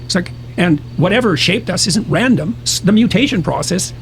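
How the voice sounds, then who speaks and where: High gravelly man, lecturing hard. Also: lively intonation, moderate pace, slight background noise. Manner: lecturing, emphatic, argumentative. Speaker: podcast guest. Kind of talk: podcast conversation.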